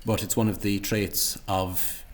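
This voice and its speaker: Low-voiced Munster Irish man, a husky language tutor who is methodical and repeats words to demonstrate them. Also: little pitch movement. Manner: analytical, repeats words slowly to show sounds. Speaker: language teacher. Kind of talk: commenting on app recordings.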